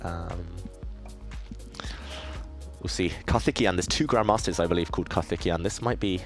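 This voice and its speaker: With faint music in the background, a man from southeast England speaks in a low voice at a normal pace. He's live-streaming chess, talking through his moves with viewers in a relaxed, self-deprecating way.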